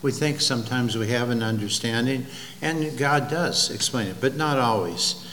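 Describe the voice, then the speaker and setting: A man preaching a sermon, telling an illustration slowly and deliberately, with pauses and restarts. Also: mid-range voice, a bit bright. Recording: long hall reverb, faint ambient noise.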